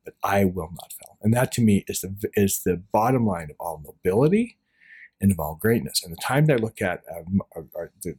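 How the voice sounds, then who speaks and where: A man's voice: deep voice, darkish tone, husky. A man speaking as an interview guest, talking earnestly and often dropping to a near-whisper. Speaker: guest author. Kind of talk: reflective interview talk.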